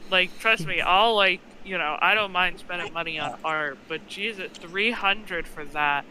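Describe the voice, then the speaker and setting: A man co-hosting a casual streamed chat, giggling often and swearing loudly. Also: sits high, a little slow, a little hiss or hum, poor audio. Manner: giggly, loud swearing, breaks into laughter. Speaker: stream co-host.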